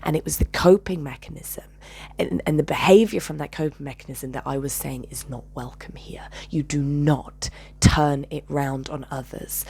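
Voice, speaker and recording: A woman with a low, husky voice recounts a personal story. She speaks with intensity, swears freely, and swings between raised, emphatic phrases and hushed whispers. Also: moderate pace. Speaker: channel host.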